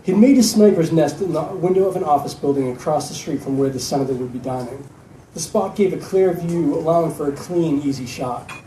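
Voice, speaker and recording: A man reads his fiction aloud at a live event, telling the story in a steady way. His voice is fairly high and mellow, caught from a distance in an echoey room with faint ambience behind. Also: a little fast, a little hiss or hum. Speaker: author reading his novel.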